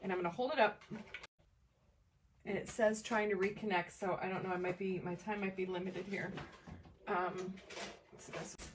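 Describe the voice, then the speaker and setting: A woman hosting a live crafting demo from home, chatting with viewers by name in an excitable, chatty way. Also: medium pitch, recorded from a distance, a little hiss or hum. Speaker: crafting livestream host. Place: home craft table, camera on tripod.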